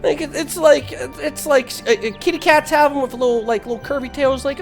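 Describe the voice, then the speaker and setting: A man's voice: extremely high pitch, a little fast, vocal fry, hardly any pauses, faint music behind. A man from the Midwest telling a rambling, laugh-filled story on a live stream, swearing freely. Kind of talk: casual storytelling chat.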